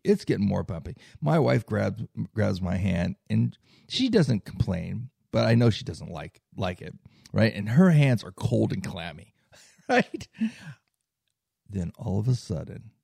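A man's voice: fairly low pitch, gravelly, warm tone, husky, no room sound. A man telling a long personal travel story in casual chat, rambling with many fillers and tag questions. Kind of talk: casual anecdote.

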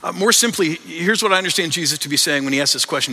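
A male pastor with a very bright, keen edge to a voice pitched a little above most men's. He preaches in an earnest, conversational way, restarting words as he thinks aloud. His voice rings through a church with a long reverb trailing each phrase. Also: fast, few pauses. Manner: earnest, conversational, frequent word repeats. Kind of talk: sermon. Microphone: microphone. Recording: long reverb in a large hall.

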